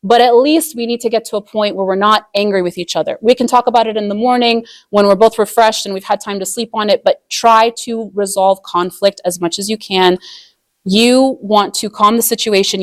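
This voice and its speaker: A woman's voice: mid-range voice, dry recording. Chatty woman teaching on marriage, dry sound. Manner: chatty, frequent "like", acts out quoted voices. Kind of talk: casual religious lesson.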